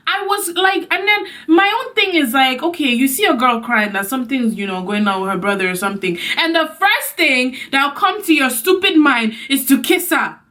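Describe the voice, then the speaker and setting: A young woman vlogger telling a story to her camera in a casual, animated way, acting out the people she quotes. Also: normal speed, recorded from a distance. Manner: animated, acts out quotes with big pitch jumps.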